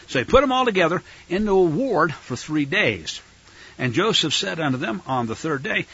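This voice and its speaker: Man, Bible teacher, casual verse-by-verse explanation, lively pitch, husky, muffled recording. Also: normal speed. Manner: conversational, explaining, with fillers and asides.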